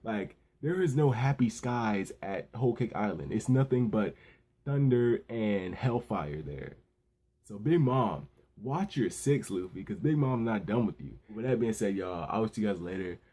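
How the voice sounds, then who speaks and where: A man talks through a comic chapter recap in a loose, rambling way, full of restarts and quick asides. His tone is dark and mellow, with a husky edge to the voice. The energy stays excited as he hosts his own channel. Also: fairly low pitch. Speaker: manga review channel host. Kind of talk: casual recap vlog.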